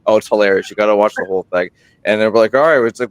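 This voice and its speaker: A man on a podcast, a guest who hosts his own show, telling stories in a rambling, animated way and acting out quotes, sounding tired at night. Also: on the low side, very fast, smooth. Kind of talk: casual interview storytelling. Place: remote room while on military deployment. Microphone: single portable microphone.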